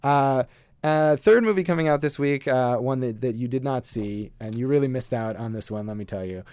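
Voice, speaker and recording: A man's voice: medium pitch, normal speed, a little mellow, smooth, no room sound. Wry rambling male movie reviewer. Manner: wry, rambling, many fillers. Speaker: film reviewer, co-host. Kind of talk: casual movie review chat.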